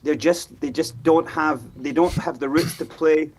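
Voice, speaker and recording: A man talks through a football match in a heated fan chat. His voice sits high and sounds a little husky. He gets worked up and mimics what the players say. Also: moderate pace. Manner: animated, frustrated, acts out players' voices. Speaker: fan show host. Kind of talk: passionate football reaction chat.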